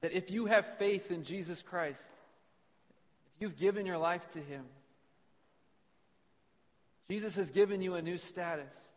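Pausing often and keeping a measured pace, a pastor with a high voice preaches an earnest sermon in a church, reading scripture aloud to the congregation. A long church-hall reverb surrounds his voice.

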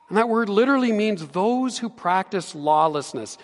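A pastor preaching a sermon in an earnest way, building to emphatic peaks. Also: male voice, high voice, animated, normal speed, hardly any pauses. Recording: long hall reverb.

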